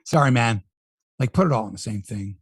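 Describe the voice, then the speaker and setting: A man's voice: mid-range voice, animated, fairly quick, husky, no room sound, clean studio sound. A man hosting a sports podcast, running through scores and riffing jokingly on the headlines in a casual chat.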